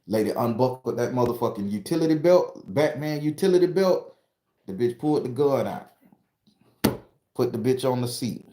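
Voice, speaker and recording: A man from southern Florida hosts his own storytelling channel, swearing freely as he rambles through a personal tale. His voice sits at an ordinary middle pitch but rises and gets louder when he is worked up, and the room gives it a noticeable echo. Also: animated, moderate pace. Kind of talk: casual storytelling, profane. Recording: roomy echo.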